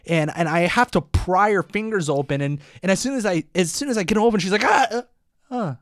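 A young man hosting a podcast, chatting casually with a guest and telling lively stories with a laugh. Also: sits high, quick pace, no echo, studio quality. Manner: animated when telling stories, laughs often. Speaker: podcast host. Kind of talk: casual conversational interview.

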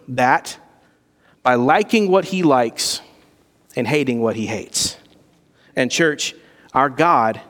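Pastor, male, fairly high voice, earnest conversational sermon with a long hall echo. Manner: earnest, conversational preaching with rising emphasis. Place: church sanctuary.

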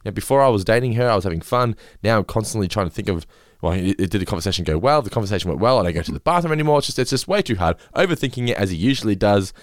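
A man's voice: fairly low pitch, animated, rapid-fire, dry recording, clean studio sound. An Australian man hosting a casual podcast chat, rambling and acting out quotes. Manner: rambling, acts out quotes, swears freely. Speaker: podcast host. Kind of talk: casual chat recapping a sitcom episode.

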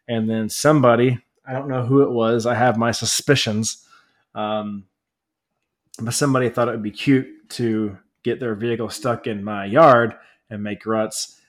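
A man from the United States co-hosting a podcast, telling long rambling stories, often laughing and growing animated as he rants. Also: mid-range voice, normal speed. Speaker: podcast co-host. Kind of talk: casual chat.

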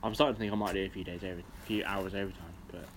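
Man, quick talker, dry teasing banter, podcast co-host. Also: low voice, steady tone, noisy background. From Luton, England. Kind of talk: casual chat.

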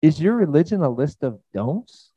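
An animated man preaching a sermon, a pastor who swings from quiet asides to sudden loud peaks. His voice is mellow and dark, recorded dry and slightly dull. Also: a little high, moderate pace, husky, no echo.

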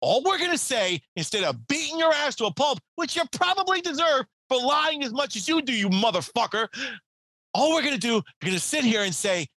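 A man's voice: very high voice, very animated, fairly quick, sharp tone, no room sound. A man on a podcast in a fiery, profane comedic rant, laughing between lines. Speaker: guest podcaster.

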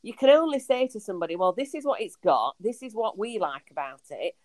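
A woman's voice: medium pitch, big pitch swings, a little fast, a little mellow. A middle-aged woman co-hosting a podcast in casual chat, often repeating words and ending on tag questions. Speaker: podcast co-host.

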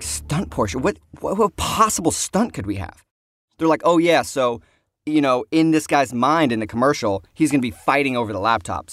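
Young man, animated storyteller, mid-pitched voice, faint music behind. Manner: animated, acts out other people's lines. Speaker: actor telling a story. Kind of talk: casual storytelling.

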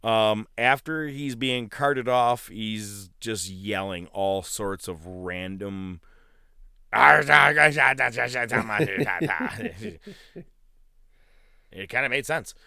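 A man co-hosting a podcast, telling wrestling stories in casual chat and loudly mimicking the wrestlers he describes. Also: fairly low pitch, slow pace, few pauses, clear, resonant tone, no echo. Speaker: podcast co-host.

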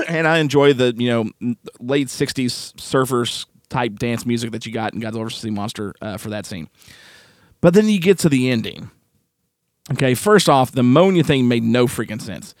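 A man co-hosting a podcast, casually reviewing a film in an animated, exasperated way, laughing often. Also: medium pitch, normal speed, no room sound, clean studio sound. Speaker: podcast co-host.

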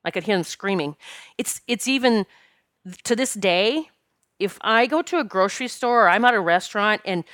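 A woman's voice: mid-range voice, normal speed, fairly bright tone, no echo, studio quality. A woman, a spiritual teacher and medium, telling a personal story earnestly and emotionally, often stopping and restarting her sentences.

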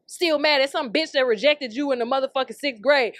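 A woman's voice: sits high, brisk, a bit bright, no room sound, clean studio sound. A young woman hosting a podcast, ranting heatedly with nonstop swearing and bursts of laughter. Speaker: podcast host. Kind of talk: profane comedic rant. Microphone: studio mic on camera.

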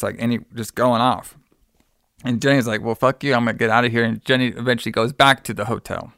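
A man's voice: mid-range voice, a bit bright, no echo, clean studio sound. A man recapping a movie in casual chat, rambling and profane, with lots of "like" fillers. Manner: rambling, profane, many "like" fillers, acts out quotes. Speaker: podcast co-host recapping a movie.

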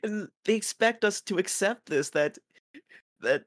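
Man, podcast host, laid-back, lots of fillers, loud laughter, casual chat. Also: on the high side, very animated, normal speed. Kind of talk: casual anime discussion podcast.

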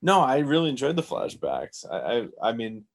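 A man's voice: medium pitch, wildly swooping pitch, moderate pace. A man chatting on a podcast about a TV episode, thoughtful and stammering on his opening words. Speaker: podcast co-host. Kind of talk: casual TV recap chat.

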